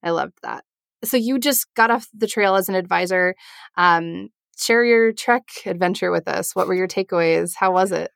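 Gravelly-voiced woman host, low and dry. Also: moderate pace, no room sound. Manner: warmly affirming, asks open questions. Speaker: podcast host. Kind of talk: casual interview.

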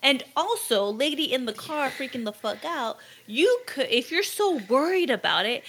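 A young woman co-hosting a casual chat, telling stories with animated acted-out quotes and casual swearing. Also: high voice, moderate pace, slight background noise. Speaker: podcast co-host.

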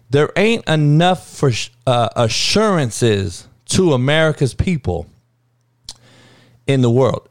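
A man's voice: mid-range voice, dry recording, studio quality. A man hosting his own talk show, ranting heatedly and swearing constantly in street slang. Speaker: sports talk show host. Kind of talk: unscripted profane rant.

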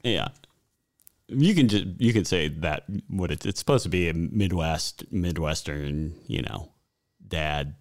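A man's voice: deep voice, a little slow. A man hosting a casual comedy podcast chat, joking around and laughing easily. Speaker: podcast host.

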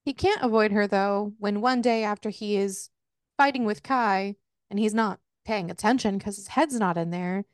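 A woman's voice: mid-range voice, normal speed, clear, resonant tone, dry recording, studio quality. A woman co-hosting a podcast, chatting casually and animatedly retelling scenes by acting out the dialogue. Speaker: podcast co-host. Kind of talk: casual book discussion.

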